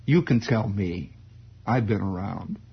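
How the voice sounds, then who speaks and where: A man doing a low, coaxing stern father. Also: animated, gravelly, slightly rough, heavily acted. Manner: low, slow, soothing but pressing. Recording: dull lo-fi recording.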